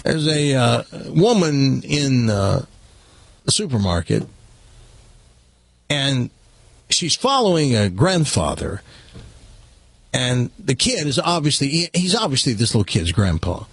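A man hosting a radio talk show, telling a long joke in a lively, animated way. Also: medium pitch, slow, long pauses, husky, no room sound. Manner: lively storyteller, animated delivery. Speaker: radio host.

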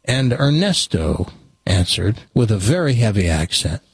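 A man hosting a talk show, telling an exasperated story to his audience in a lively, animated way. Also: lowish voice, measured pace, breathy edge, dry recording.

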